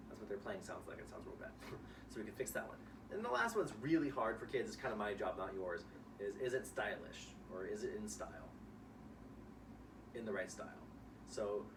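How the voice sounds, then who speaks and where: Casual young male violin teacher, lowish voice, heard from a distance over background noise. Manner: relaxed, explains with sung examples. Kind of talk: casual one-on-one music lesson. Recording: distant room mic with noise.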